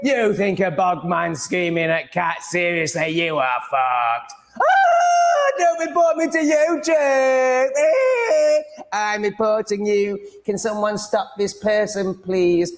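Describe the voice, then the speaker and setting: A man with an English accent putting on a shrill, whining, outraged online viewer in a squealing falsetto to mock his chat. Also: very animated, slow, full character voice. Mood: shrieking. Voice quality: high squealing falsetto, shouted. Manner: mocking, exaggerated outrage. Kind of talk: mocking impression on a livestream.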